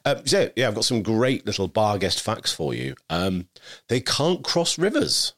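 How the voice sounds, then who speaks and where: A young man from York chats as a podcast co-host, telling stories with lively swings of pitch. His voice sits fairly low, and he slips easily into put-on voices. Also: measured pace. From York, England. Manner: animated, storytelling, puts on voices. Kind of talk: casual chat.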